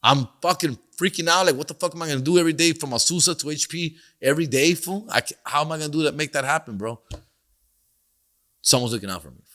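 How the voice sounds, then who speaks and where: A middle-aged man tells a story on his podcast, cursing freely and dropping slang and Spanish phrases. His voice sits a little high for a man and sounds bright and forceful. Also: fast talker, few pauses. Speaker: podcast host and comedian. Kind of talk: casual storytelling monologue.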